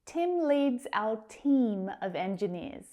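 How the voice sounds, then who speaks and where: This scripted English pronunciation lesson is led by an Australian-accented woman whose mellow voice is a little high, with big pitch swings, and who takes things slowly. She carefully and clearly enunciates single words and encourages learners directly.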